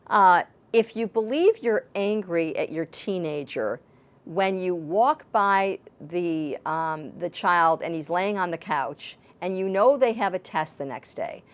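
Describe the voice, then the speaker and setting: Lady life coach, lowish voice, earnest, walks you thru examples. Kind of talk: advice talk.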